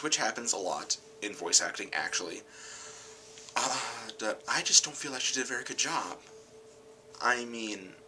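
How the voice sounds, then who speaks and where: Man, casual vlog chat, rambling, tired, self-correcting, slightly low pitch, faint noise. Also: rough recording. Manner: rambling, self-correcting, animated when annoyed. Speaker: channel host.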